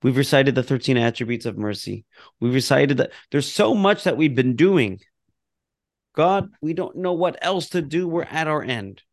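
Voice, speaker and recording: A man's voice: mid-range voice, lively intonation, moderate pace, no echo, clean studio sound. A man teaching a casual lesson on a prayer book, reading passages aloud and explaining them with laughs and asides.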